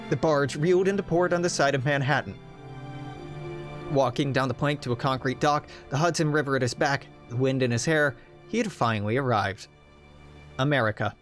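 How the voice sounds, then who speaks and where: A young game streamer with a mid-range, slightly bright voice reads game event text aloud. Between the read-out passages he breaks off into wry, joking asides.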